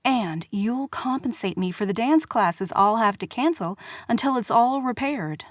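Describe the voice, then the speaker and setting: A woman's voice: on the high side, animated, unhurried, no echo. A woman voicing a fiery young studio owner. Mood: indignant. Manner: indignant, sharp, accusing.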